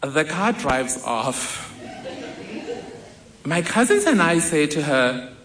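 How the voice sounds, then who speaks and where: A man's voice: on the high side, big pitch swings, slow, long pauses. A man from telling a vivid, self-mocking personal story on stage in a large hall. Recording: echoey hall with faint noise.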